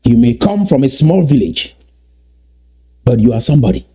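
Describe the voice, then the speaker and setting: A man from Southern Cameroons, giving an emphatic motivational address that repeats and slowly stresses key phrases. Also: medium pitch, very animated, dark tone, breathy edge. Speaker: activist speaker.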